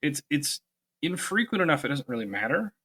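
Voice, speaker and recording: A man's voice: fairly high pitch, sing-song, fairly quick, bright, forceful tone, breathy edge. A man co-hosting a casual podcast chat, talking with emphatic enthusiasm. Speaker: podcast co-host.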